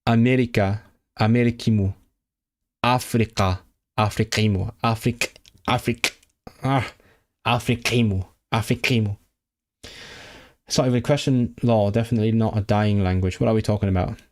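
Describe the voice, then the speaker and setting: A man's voice: lowish voice, steady tone, normal speed, long pauses, darkish tone. Man sounding out foreign words aloud. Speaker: language learner streaming. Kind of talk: casual self-study livestream.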